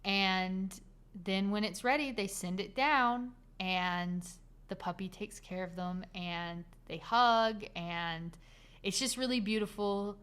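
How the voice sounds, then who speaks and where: Animated woman telling a podcast story. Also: mid-range voice, slow, clear, resonant tone. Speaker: podcast co-host. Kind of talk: casual chat.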